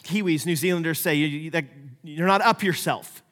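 High-voiced middle-aged male pastor preaching. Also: moderate pace. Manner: lively and conversational, acting out quoted voices with humor. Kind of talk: sermon. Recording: long reverb of a large hall.

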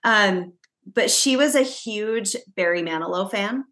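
A woman's voice: medium pitch, a little slow, fairly bright tone. A woman co-hosting a casual talk show, telling a long story with many fillers and restarts. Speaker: podcast co-host. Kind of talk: casual chat.

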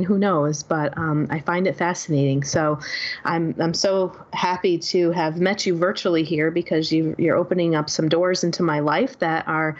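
A woman hosting a casual interview podcast, enthusiastic and quick to laugh, speaking over a remote call. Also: on the low side. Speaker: podcast host. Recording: slightly dull lo-fi audio.

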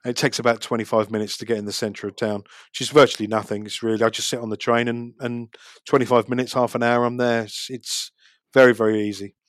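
A man's voice: mid-range voice, little pitch movement, fast talker, dry recording, studio quality. A man, talking casually about street photography and city life, chatty with frequent restarts. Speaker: street photographer, podcast guest. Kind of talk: casual chat.

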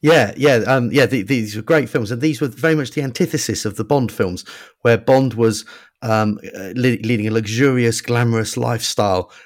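A man's voice: medium pitch, normal speed. A male radio presenter with a mid-range voice chats with his guest. He teases in a jokey way and keeps the talk moving as he introduces each film. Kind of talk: casual radio chat.

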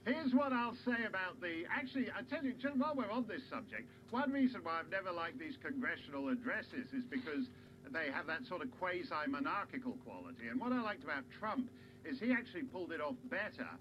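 A man's voice: fairly high pitch, very animated, a little fast, muffled recording. A man from Canada, a pundit guest in a TV news interview, speaking in a wry, articulate way. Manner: wry, articulate, self-deprecating.

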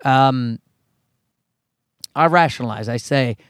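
Hoarse man with a Newfoundland accent. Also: medium pitch, takes it slowly, no room sound, clean studio sound. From Newfoundland, Canada. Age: adult, married. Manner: rambling, profane, self-mocking. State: hoarse from a cold, voice cracking. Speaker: podcast host. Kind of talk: casual solo podcast chat.

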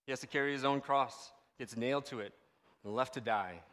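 A man's voice: medium pitch, fairly quick, big-room sound. A man giving a casual, conversational sermon as a pastor, often checking in with the audience. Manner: animated, conversational, asks the audience "right?" often.

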